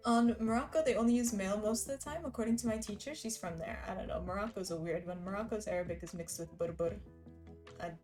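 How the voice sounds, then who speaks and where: A woman's voice: medium pitch, quick pace, darkish tone, soft background music, low-quality recording. A woman live streamer in casual, rambling chat who laughs often.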